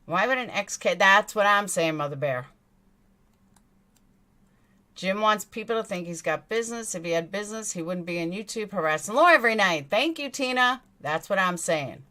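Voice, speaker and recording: A woman's voice: medium pitch, lively intonation, normal speed, pushed and bright. A woman with a New York accent hosting a true crime livestream, reading chat aloud and answering in a blunt, indignant way, swearing freely. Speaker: true crime commentary host.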